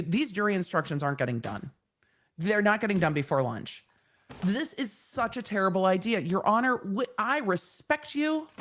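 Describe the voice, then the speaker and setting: A woman lawyer giving live-stream commentary on a trial, blunt and exasperated, swearing freely. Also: mid-range voice.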